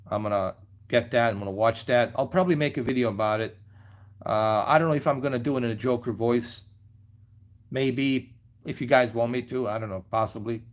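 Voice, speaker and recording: A man hosting a casual livestream from his lounge at home, rambling loosely with lots of fillers and trailing asides. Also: medium pitch. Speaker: livestream host.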